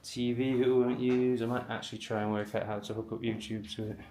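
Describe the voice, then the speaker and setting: A man's voice: medium pitch, quick pace, a crowd in the background. An English man vlogging as he walks through a rental house, exclaiming and gasping in amazement, filmed on a handheld camera. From England. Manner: excitable, gasping and exclaiming in awe. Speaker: travel vlogger. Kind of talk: casual vlog walkthrough.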